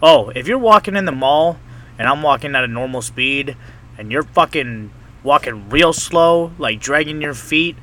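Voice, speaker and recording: Host wrapping the show, bright tense tone, easygoing and offhand. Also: male voice, medium pitch, slight background noise. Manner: easygoing, rambling, swears offhand. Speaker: podcast host. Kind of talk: casual podcast outro.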